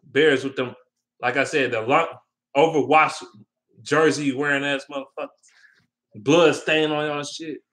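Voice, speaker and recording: This vlogger's voice is on the high side and a bit bright, with a steady tone, a measured pace, and long pauses. He still rants heatedly about sports, swearing plenty, repeating his points, and taking viewer questions.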